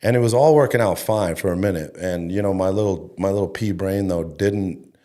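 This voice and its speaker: A middle-aged head coach from Denver, Colorado, USA, tells stories in a loose, chatty interview, using fillers and a bit of swearing. His voice is low and mellow, and he talks a little fast.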